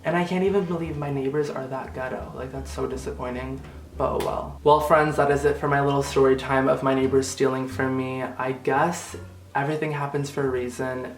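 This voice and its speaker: A young man talks through a casual storytime vlog at a middle pitch, chatty and animated. He sounds a little away from the mic, and his voice rings in a roomy apartment with a faint hum of ambience behind him. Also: brisk, far from the mic. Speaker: vlogger. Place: room in an apartment.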